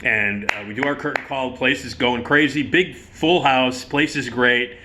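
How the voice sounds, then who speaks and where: A man telling a casual, profane theater story, animated and quick to laugh. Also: medium pitch, background noise.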